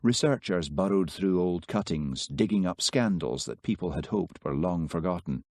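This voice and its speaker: Deep-voiced male audiobook narrator. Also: lively intonation, darkish tone, dry recording. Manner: measured storytelling. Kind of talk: scripted narration.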